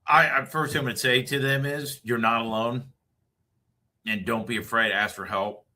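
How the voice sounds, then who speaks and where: A man's voice: medium pitch, steady tone, normal speed, bright, forceful tone. A middle-aged man, a retired Marine officer, telling a story and then delivering an emphatic message as a podcast guest. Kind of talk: podcast interview.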